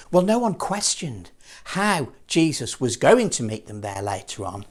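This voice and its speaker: A man presenting a children's assembly, his pitch swinging widely as he tells the story. He keeps it playful and expressive, with jokey asides along the way. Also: a little slow. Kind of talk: animated Bible storytelling for children.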